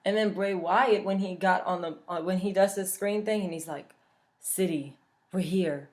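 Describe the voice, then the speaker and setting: A woman's voice: fairly low pitch, moderate pace. A young woman from Louisiana, chatting casually and bluntly, swearing freely as a vlogger. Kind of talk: casual chat.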